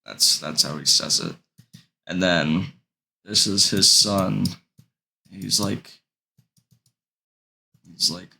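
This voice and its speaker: A young man talks through a casual vlog, rambling and hesitant with plenty of fillers. His voice sits low with a gravelly edge. He speaks slowly and unhurried. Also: fairly even intonation, pushed and bright. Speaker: vlogger.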